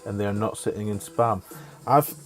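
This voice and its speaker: A man's voice: on the low side, steady tone, normal speed. A middle-aged man streaming a game in casual, chatty talk, muttering and swearing to himself. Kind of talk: casual chat over live gameplay. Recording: faint music behind.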